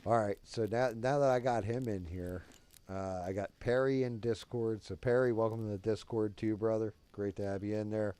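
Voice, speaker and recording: Male stream host, lowish voice, loose and foul-mouthed. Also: steady tone, moderate pace, warm tone, clear, resonant tone. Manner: loose, profane, rambling. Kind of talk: casual stream chat.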